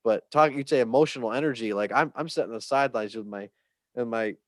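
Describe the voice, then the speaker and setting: Man, podcast host, earnest and rambling, mid pitch, dry room. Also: fast, no room sound. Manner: earnest, rambling, animated when excited. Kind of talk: casual conversation.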